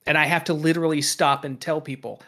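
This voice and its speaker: A man's voice: on the high side, steady tone, fast, bright, forceful tone. A man in casual podcast chat, rambling with lots of fillers and casual swearing.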